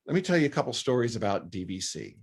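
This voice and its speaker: A man's voice: mid-range voice, very animated, quick pace, slightly rough. A man giving a faculty lecture in an earnest, conversational way, often restarting his phrases. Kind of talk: recorded lecture.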